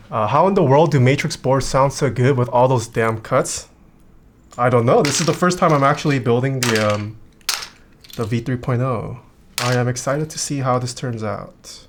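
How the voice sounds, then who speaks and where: Low-key streamer reading chat questions. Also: unhurried, pauses often, a little hiss or hum. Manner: reads viewer questions aloud and answers them offhand. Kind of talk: casual livestream chat.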